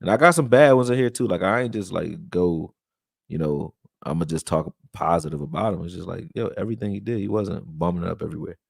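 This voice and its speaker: A man with a fairly low voice hosts a live sports stream and chats in a loose, way, now and then reading viewer comments aloud. The sound is dry and close, with no room around it. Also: fast, creaky, slightly rough, dry recording. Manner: loose, conversational, reads viewer chat aloud. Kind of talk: casual live-stream film breakdown.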